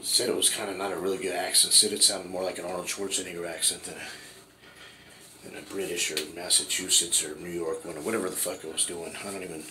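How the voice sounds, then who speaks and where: A man's voice: deep voice, sharp tone, slight background noise. A man in his forties from Washington State, telling his acting story in a rambling, profane way and asking "right?" again and again. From Washington State, USA. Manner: rambling, swears a lot, keeps asking "right?".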